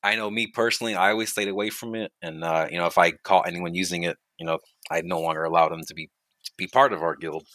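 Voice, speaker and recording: A middle-aged man, a guest on a podcast, telling gaming stories in a relaxed way with plenty of fillers and asides. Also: low-pitched, fast talker, no echo. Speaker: guest, guild leader. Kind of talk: casual podcast chat.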